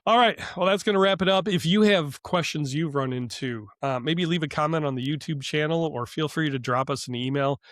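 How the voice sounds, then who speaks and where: Middle-aged male podcast co-host, chatty and rambling, quick to laugh, slightly raised pitch, dry recording. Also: a bit bright, no room sound. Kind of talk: casual podcast chat.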